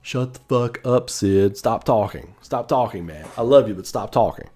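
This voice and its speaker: A man from the Southern United States talks through a casual livestream at an everyday middle pitch. He rambles in an animated way, answers chat viewers and breaks into laughter often. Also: moderate pace. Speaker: online gaming commentator.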